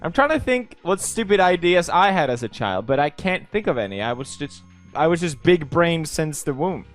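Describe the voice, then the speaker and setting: A man's voice: a little high, big pitch swings, moderate pace, faint music behind. A young man from Sweden reading posts aloud in casual commentary, sarcastic and playful, laughing often.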